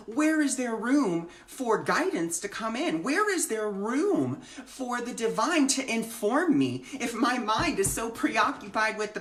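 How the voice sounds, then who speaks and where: A woman's voice: fairly high pitch, fairly bright tone, echoey room. A woman who gives readings, speaking earnestly in a live-streamed spiritual talk with flowing, repeated phrases. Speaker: spiritual teacher and reader.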